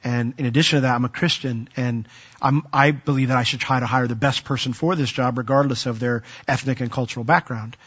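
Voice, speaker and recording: A man's voice: medium pitch, steady tone, fairly quick, a bit bright, husky, lo-fi sound. A man preaching a sermon in an earnest, conversational way with emphatic rises.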